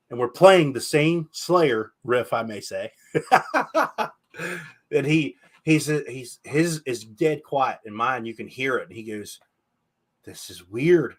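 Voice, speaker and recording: A man's voice: mid-range voice, a little slow. A man hosting a casual podcast chat, telling stories with animation and swearing freely. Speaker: podcast host.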